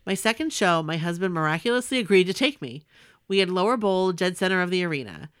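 Smooth low-voiced woman in her forties. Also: lively intonation, fast talker, dry recording, studio quality. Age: 40s. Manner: earnest, emotional storytelling. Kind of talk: reading a personal letter aloud.

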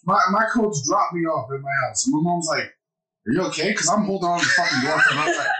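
Animated young man telling a story. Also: on the high side, fast talker, roomy sound, heavy background noise. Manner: profane, laughing, animated. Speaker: podcast co-host. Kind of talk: casual storytelling.

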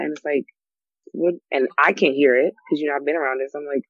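A young man from the United States in a casual group chat, animated and acting out the voices of people he quotes. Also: fairly high pitch, quick pace, no echo. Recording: slightly dull lo-fi sound.

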